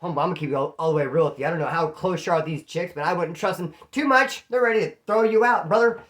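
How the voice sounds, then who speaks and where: A man from California telling stories in a casual, animated way, acting out the voices of the people in them. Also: fairly high pitch, racing. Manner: animated, acts out quoted voices. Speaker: storyteller host. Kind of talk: casual storytelling.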